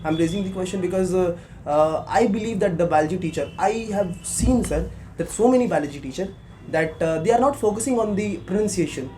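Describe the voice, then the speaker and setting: A man's voice: sits high, lively intonation, fairly quick, warm tone, a little hiss or hum. A man in his twenties from Bihar with an Indian accent, answering questions as a candidate in a mock job interview, hesitant with many fillers and growing insistent when he argues. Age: 20s.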